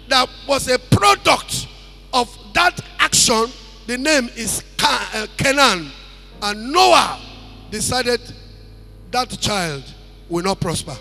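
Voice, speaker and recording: A man's voice: extremely high pitch, very animated, slow pace, gravelly, pushed and bright, soft background music. A man preaching a sermon, emphatic, repeating his phrases and calling out praise between points. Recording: long hall reverb.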